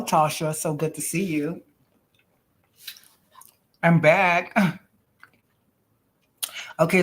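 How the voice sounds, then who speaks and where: A woman hosting a casual livestream as an intuitive reader, chatty and playful, calling viewers honey and girl. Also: low voice.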